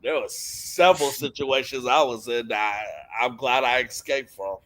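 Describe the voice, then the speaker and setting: Bright, blunt young man. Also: mid-range voice, normal speed, no echo. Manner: blunt, reads viewer questions aloud. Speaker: co-host. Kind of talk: casual streamed chat.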